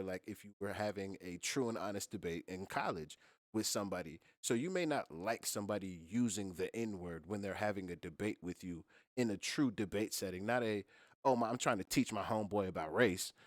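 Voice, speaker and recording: A man with a lowish voice, recorded dry and close. He hosts a casual podcast chat and explains his view at length, swearing freely as he goes. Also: dry recording. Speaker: podcast host.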